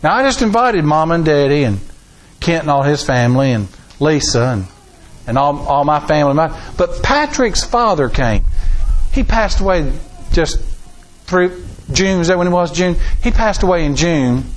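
A middle-aged man, preaching a sermon in a folksy, animated way with rising emphasis. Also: on the high side, normal speed, rough recording. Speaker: pastor.

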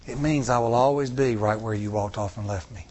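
A man's voice: fairly low pitch, a little fast, darkish tone, a little hiss or hum. A middle-aged man preaching a sermon to a congregation, with repeated rhetorical questions and rising emphasis. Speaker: pastor.

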